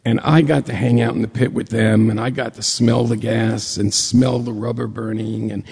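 A man from New York State telling a personal story to an audience in a lively way, acting out the dialogue as he goes. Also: mid-range voice, normal speed, creaky, breathy edge, in a large hall.

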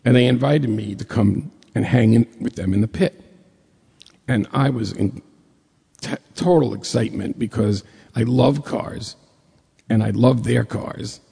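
A man from New York State telling a personal story to an audience in a lively way, acting out the dialogue as he goes. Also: mid-range voice, measured pace, creaky, slightly rough, in a large hall.

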